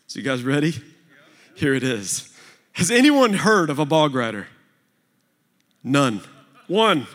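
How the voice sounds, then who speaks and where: A man's voice: medium pitch, moderate pace. Man preaching in a reverberant hall. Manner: animated storyteller, swings between loud and hushed. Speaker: speaker at a church recovery gathering. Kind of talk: sermon storytelling. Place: large church hall before a big crowd.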